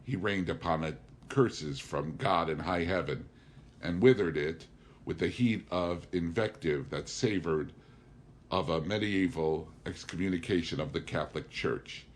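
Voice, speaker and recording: Low-voiced man reading a classic novel. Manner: measured, deliberate reading with occasional slips. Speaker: audiobook reader. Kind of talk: scripted narration of a classic novel.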